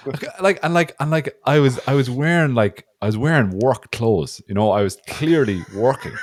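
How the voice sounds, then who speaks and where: A man's voice: medium pitch, normal speed, no echo, studio quality. A man with an Irish accent, co-hosting a podcast in casual chat and telling a self-mocking story in which he acts out both sides. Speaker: podcast co-host.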